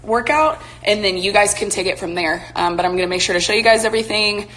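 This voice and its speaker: A woman's voice: mid-range voice, fast talker, fairly bright tone, recorded from a distance. A young woman casually leading a home workout, chatty and coaching as she exercises. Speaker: softball player leading a workout. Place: home room. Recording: echoey room, mic from afar.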